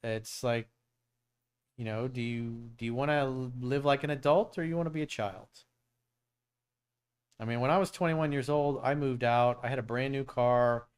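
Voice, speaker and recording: A middle-aged dating coach and show host from South Florida runs a casual live-stream Q&A, answering bluntly with lots of swearing and stories. His medium-pitched voice is clear and resonant, with fairly even intonation at normal speed.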